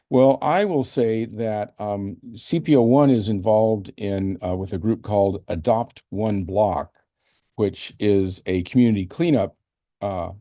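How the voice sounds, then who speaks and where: A man chairing a community meeting, speaking haltingly with many pauses and fillers. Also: on the low side, warm tone, no room sound, clean studio sound.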